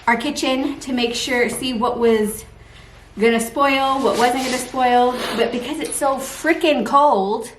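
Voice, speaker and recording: Woman, thirties, vlogger at home; candid, chatty, unhurried delivery, slightly high voice, faint background hiss. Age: 30s. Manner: candid, chatty, addresses viewers directly. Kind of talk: casual vlog talk to camera.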